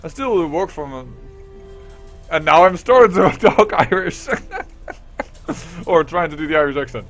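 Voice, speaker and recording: A man's voice: fairly high pitch, animated, normal speed, long pauses, soft background music. A man hosting a let's play, reading game dialogue aloud and rambling in a self-deprecating way into a desk microphone.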